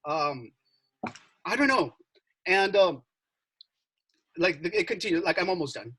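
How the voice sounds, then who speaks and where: Animated young man, bright voice. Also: high-pitched, measured pace, slightly rough, poor audio. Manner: animated, swears a lot, heavy filler words. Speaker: podcast co-host. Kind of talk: casual storytelling chat.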